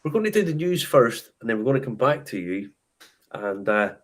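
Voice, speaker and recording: A man's voice: medium pitch, sing-song, normal speed. A man co-hosting a casual whiskey chat show. He talks in an enthusiastic, chatty way and laughs often. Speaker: podcast co-host. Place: hotel room.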